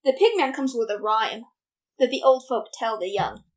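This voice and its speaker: A woman's voice: on the high side, moderate pace. A woman co-hosting a podcast, telling a local legend in playful, enthusiastic casual chat. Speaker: podcast co-host.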